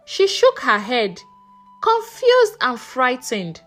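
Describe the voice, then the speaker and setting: A woman narrating a folktale in a slow, expressive storytelling manner. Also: high-pitched, faint music behind.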